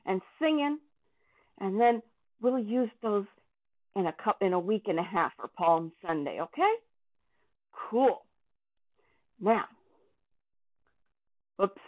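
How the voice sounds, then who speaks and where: High squeaky puppet kid voiced by a woman, slow and chatty, tinny phone-ish sound. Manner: cheerful, coaxing, talks straight to children. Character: friendly young boy puppet, eager and chatty. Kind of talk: children's church puppet talk.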